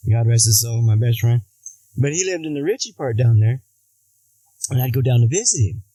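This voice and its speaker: A man's voice: mid-range voice, fairly quick, no echo, rough recording. An American man telling funny stories in casual chat, acting out quotes and laughing often. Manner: animated, acts out quotes in other voices, laughs often.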